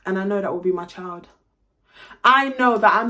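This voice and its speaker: A woman's voice: mid-range voice, moderate pace, sharp tone. A young woman telling a storytime vlog, emphatic, swearing freely and slipping into Caribbean slang. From London. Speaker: vlogger.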